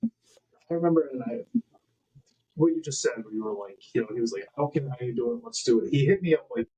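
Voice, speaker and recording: A man's voice: mid-range voice, big pitch swings, fast, dark tone, slightly rough, muffled recording. A man, hosting a podcast in a laid-back casual chat and laughing often. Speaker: podcast host.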